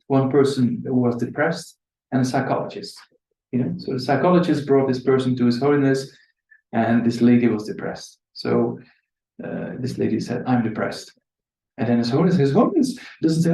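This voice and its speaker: Guy teaching buddhism, chatty, laughs a lot, mellow voice, echoey hall, mic far off. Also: fairly quick. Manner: conversational, laughs often, animated quotes in a higher voice. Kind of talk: dharma talk to a live audience. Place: meditation centre hall. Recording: echoey room, distant mic.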